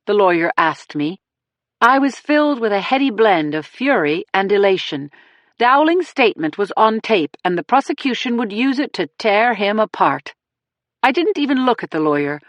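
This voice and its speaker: A woman's voice: mid-range voice, animated, normal speed, no echo. Woman reading a crime thriller audiobook. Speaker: audiobook narrator. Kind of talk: first-person audiobook narration.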